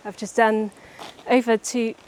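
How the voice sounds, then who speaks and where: A young woman writer chatting casually about her book outdoors by the seaside, a little out of breath and halting, with many restarts. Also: a little high, level tone, darkish tone, a little hiss or hum. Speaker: writer vlogger.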